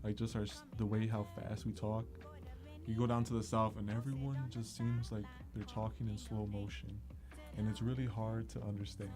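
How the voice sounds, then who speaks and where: A young man on a college radio date show, talking casually and quickly in an easygoing way. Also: on the low side, little pitch movement, over music. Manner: easygoing, talks fast. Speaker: dating show guest. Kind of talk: casual chat.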